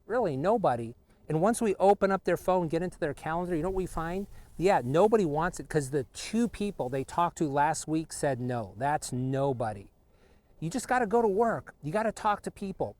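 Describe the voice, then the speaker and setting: A middle-aged man hosting an energetic motivational talk outdoors on a golf course, speaking punchily and directly to the viewer. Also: a little high, normal speed. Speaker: host. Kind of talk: motivational monologue.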